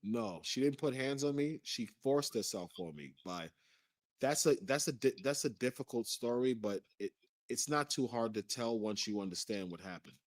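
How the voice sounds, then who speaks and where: A man's voice: mid-range voice, animated, normal speed, no echo. Man, interview guest, earnest storytelling, dry close sound. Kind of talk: recounting a personal story.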